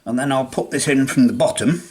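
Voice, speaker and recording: An older Englishman, a hobbyist restorer, chats through a demonstration in his home workshop while assembling something, talking himself through each step. His voice is mid-range and a little mellow, and he speaks fairly quickly.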